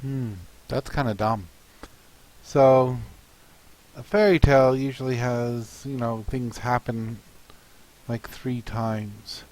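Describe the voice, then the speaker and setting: Slow, musing man thinking aloud. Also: medium pitch, fairly even intonation, a little mellow, low-quality recording. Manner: hesitant and musing, with many pauses and fillers. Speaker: comic artist. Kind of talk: thinking aloud while planning a comic.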